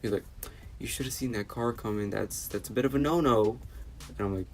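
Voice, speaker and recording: A man's voice: fairly low pitch, fairly quick. A teenage young man from New City, telling an exasperated storytime vlog full of fillers and restarts. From New York City. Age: teens. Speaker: vlogger.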